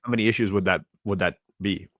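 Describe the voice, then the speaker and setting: A live-stream host talking with a guest over a video call, with a very deep, low voice. He mostly chimes in with quick questions and short reactions. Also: fairly bright tone. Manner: brief reactions and backchannel. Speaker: interview host. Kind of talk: casual interview.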